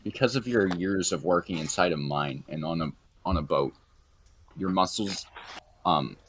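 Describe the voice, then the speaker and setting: A young man narrating as game master of a tabletop game, halting with many fillers. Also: deep voice, a bit bright, slight background noise.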